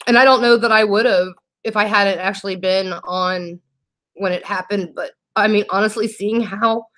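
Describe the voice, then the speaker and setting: A woman's voice: medium pitch, steady tone, normal speed, fairly bright tone. Teary, grateful woman vlogger. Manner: emotional, grateful, tearful at times. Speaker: beauty vlogger reading live comments. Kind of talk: casual livestream chat.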